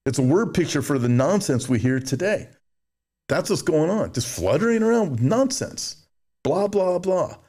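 A man's voice: big pitch swings, moderate pace, a little mellow, breathy edge. A man preaching a sermon, reading Bible verses and commenting emphatically, with mocking asides and frequent restarts. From United States. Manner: mimics complainers in a whiny high voice. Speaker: show host.

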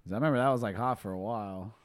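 A man's voice: lowish voice, rapid-fire, clear, resonant tone. A man co-hosting a podcast, chatting in a laid-back, joking way. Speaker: podcast co-host. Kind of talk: casual chat.

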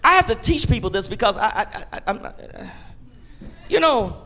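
High-voiced, lively preacher man. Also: moderate pace. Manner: call-and-response preaching, swinging between shouts and quiet asides. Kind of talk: sermon. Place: church sanctuary.

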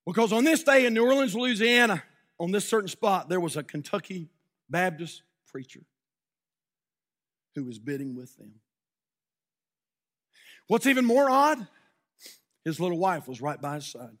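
High bright-voiced preacher. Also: male voice, animated, normal speed, pauses often. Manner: dramatic preaching with sudden hushed drops and shouted peaks. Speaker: pastor. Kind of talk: sermon storytelling and prayer. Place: church pulpit.

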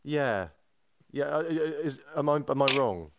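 A man's voice: a little high, animated, unhurried, background noise. A man hosting a comedic podcast, speaking with frequent hesitant restarts and fillers. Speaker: podcast host.

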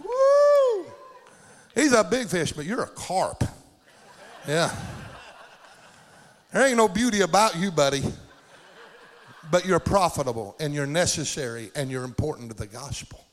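Man, preacher, high-pitched, swooping delivery, exuberant, ringing hall reverb. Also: lively intonation, moderate pace, pauses often. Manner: exuberant, calls for amens, shouts bursts of praise. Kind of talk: animated sermon.

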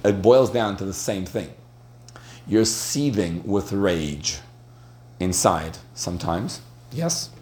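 A man's voice: low voice, expressive, takes it slowly, long pauses, a little mellow. A man speaking to a live audience, telling a story in a chatty way with frequent restarts and laughter. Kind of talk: storytelling talk on marriage.

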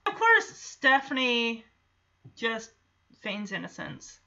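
A woman hosts a podcast with a bright, high-set voice and chatty, animated energy, often acting out what others say. The audio is slightly muffled. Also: measured pace. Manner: chatty, animated, acts out quotes. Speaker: podcast host. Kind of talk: casual episode recap.

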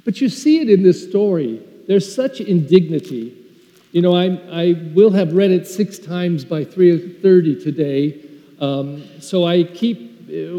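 An older man, a parish priest, telling a story in an earnest Sunday sermon that swings between loud and soft. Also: a little high. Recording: lo-fi recording in a reverberant church.

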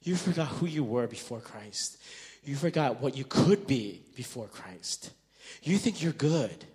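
A man preaches a sermon in a voice of ordinary middle pitch, neither high nor deep. He tells his stories with energy and acts out the conversations he describes. His loudness swings from loud bursts to quiet, soft stretches. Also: a little slow. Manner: animated storytelling, acting out quoted dialogue with big swings in loudness. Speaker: pastor.

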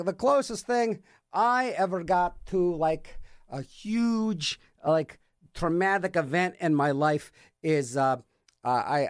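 A man's voice: fairly high pitch, dry recording. A middle-aged man hosting a radio music show in a studio, talking in a rambling, jokey, sarcastic way. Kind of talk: casual rambling radio chat. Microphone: studio microphone.

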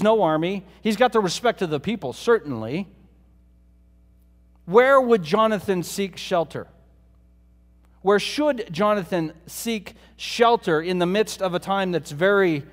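A man with a high voice delivers a sermon, talking to his listeners in a conversational way and asking them rhetorical questions. His voice rings with a long reverb, as if heard in a large hall. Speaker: preacher.

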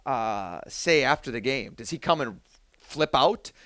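A man co-hosting a sports talk show, asking questions and chiming in with quick agreement. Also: mid-range voice, expressive, fairly bright tone. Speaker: co-host. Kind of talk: casual sports interview.

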